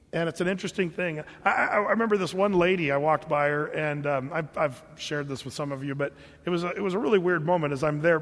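A man's voice: fairly high pitch, in a large hall. A male pastor preaching a sermon, telling a story in a loose, conversational way with fillers and restarts. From California.

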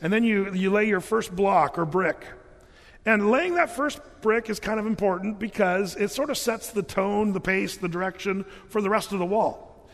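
A high-voiced man preaching in a church, where long hall reverb trails his words. He reads scripture aloud and then talks it through in a relaxed, folksy way, stopping to restart his sentences. He sounds like a pastor chatting with his congregation. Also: normal speed. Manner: conversational, folksy, with many fillers and restarts. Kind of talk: sermon.

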